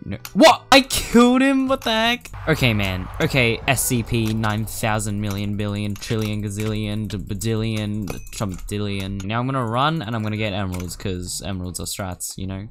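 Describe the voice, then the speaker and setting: A young man, commentating his own gameplay, excitable and gasping, swinging between loud yelps and mumbled asides. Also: on the low side. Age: teens. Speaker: gaming YouTuber.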